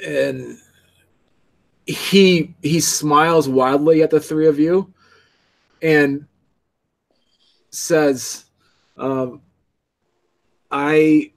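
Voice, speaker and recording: A man narrating a tabletop game as game master, halting and full of restarts. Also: on the high side, steady tone, creaky.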